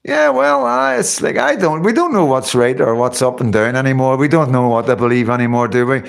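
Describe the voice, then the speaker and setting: Hosting a livestream, a chatty man rambles while reading out comments, packing his talk with fillers and tag questions. His voice is medium-pitched, animated, and quick.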